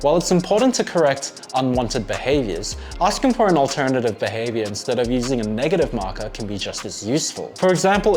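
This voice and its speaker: A man narrating a scripted dog-training lesson in a clear, friendly teaching tone. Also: medium pitch, a little mellow.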